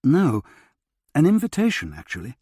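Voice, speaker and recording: A man voicing a brisk, caring young woman who keeps a household in order. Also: fairly high pitch, wildly swooping pitch, warm tone, husky, dry recording, studio quality, voice pushed up, exaggerated voice. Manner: brisk, motherly.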